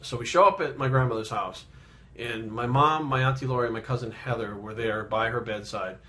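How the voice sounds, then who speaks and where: A man in his thirties, a fitness vlogger, telling a personal story in a rambling, halting way, subdued and reflective, with frequent swearing. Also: mid-range voice, a bit bright.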